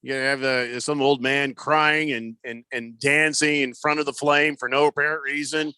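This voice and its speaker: A man's voice: medium pitch, level tone, normal speed, bright, forceful tone, smooth, no echo, studio quality. A man hosting a sports radio talk show, joking around and reading listener messages aloud. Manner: jokey, reads listener messages aloud, laughs often. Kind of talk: casual sports radio banter.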